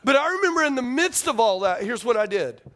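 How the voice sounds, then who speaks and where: A male pastor preaching a sermon to his congregation, talking casually, repeating phrases, asking questions, and building to near shouts. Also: very high-pitched, big pitch swings, quick pace. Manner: rises to near shouting at climaxes, drops to hushed tones in prayer.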